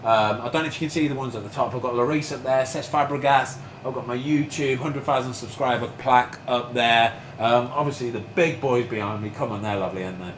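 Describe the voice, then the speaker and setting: A man's voice: mid-range voice, quick pace, hardly any pauses, fairly bright tone. Chatty man in an echoey room. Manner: chatty, enthusiastic storyteller. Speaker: host. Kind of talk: casual chat. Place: room at home full of framed shirts. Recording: echoey room, faint background noise.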